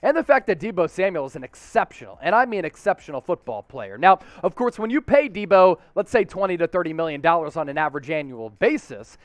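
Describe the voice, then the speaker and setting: A man's voice: a little high, very animated, brisk, hardly any pauses, dry recording. A man hosting a sports analysis show, talking with energy, slang and the odd sarcastic aside.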